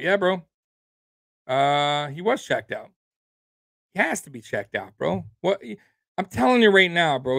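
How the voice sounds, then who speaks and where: A man's voice: on the high side, creaky, fairly bright tone, dry recording, studio quality. A man hosting a sports show, delivering a heated, profane rant that keeps repeating its points for emphasis.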